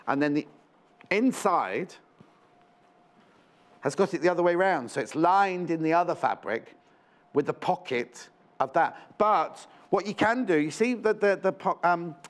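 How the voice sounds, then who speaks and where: A man presenting on a live shopping channel, chatty and rambling, counting down stock and correcting himself as he goes. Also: fairly high pitch. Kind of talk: live TV sales pitch. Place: TV studio.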